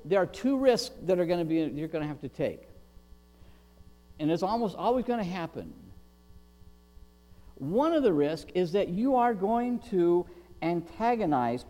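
A high-voiced man preaching with big swings in pitch, throwing himself into the voices of a shouting crowd and pleading beggars. His sermon rings out with a long reverb, and a mains hum sits underneath. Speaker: pastor. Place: church sanctuary.

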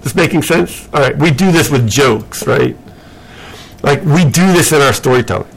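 A man teaching a Bible class in a casual, animated way, asking many rhetorical questions and using lots of fillers. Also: mid-range voice, moderate pace, creaky, slightly rough, poor audio.

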